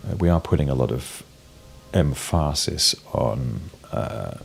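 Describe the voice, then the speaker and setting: Soft music plays behind a British man who is streaming a game while suffering from a cold, coughing and sneezing. His bass voice is gravelly and expressive, unhurried, and his commentary is wry and playful, peppered with ums and restarts.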